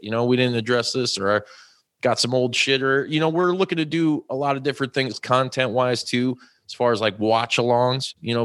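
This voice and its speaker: A man hosts a wrestling podcast in an easygoing, foul-mouthed way. His voice sits at a middling pitch, recorded dry and close with no room sound. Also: fairly bright tone, dry recording. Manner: laid-back, swears freely, calls people brother. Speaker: podcast host. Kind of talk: casual chat.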